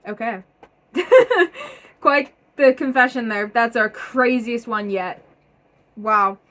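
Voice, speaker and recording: A young woman chats at home as she reads out stories her viewers sent in. She talks in an energetic, rambling way and drops plenty of casual fillers. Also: a little high, takes it slowly. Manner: energetic and chatty, with many fillers. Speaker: vlogger reading submitted stories. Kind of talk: casual chat, reading aloud.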